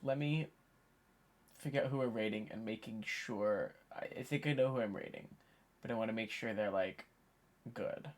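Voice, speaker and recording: A streamer in his mid-twenties chats loosely on a casual live stream, rambling and thinking aloud. His lowish voice moves at normal speed with long pauses, and it sounds tired and frayed from hours of talking.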